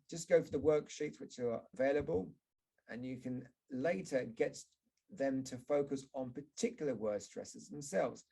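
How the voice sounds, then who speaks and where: A man teaching English pronunciation over slides, explaining word stress in a measured way and modelling example words. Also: medium pitch, vocal fry, dark tone, breathy edge.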